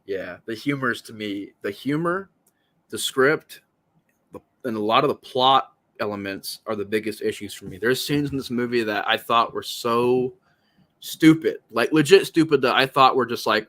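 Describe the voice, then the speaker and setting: Bright-voiced man ranting about films. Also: mid-range voice, normal speed. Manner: animated, swearing, acts out quoted lines. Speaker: podcast host. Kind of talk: casual movie discussion.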